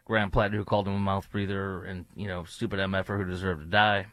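A man's voice: low voice, flat delivery, fast, a bit bright. A male talk show host giving opinionated commentary in a sarcastic, mocking manner, with rambling asides.

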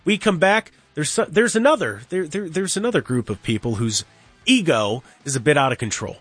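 A man hosting a sports radio show, talking in an animated, opinionated way, with mocking impressions and frequent restarts. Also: fairly high pitch, brisk, husky, no room sound, soft background music.

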